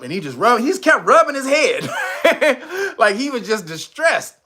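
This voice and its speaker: A man's voice: extremely high pitch, unhurried. A man telling a story in casual commentary, swearing freely and slipping into voices for the people he quotes. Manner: animated, swearing, retelling stories with acted quotes.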